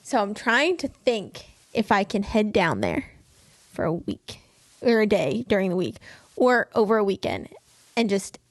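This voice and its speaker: A woman's voice: mid-range voice, big pitch swings, a little slow. A woman co-hosting a faith podcast, chatting in an upbeat, casual way. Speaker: podcast co-host. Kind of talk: casual chat.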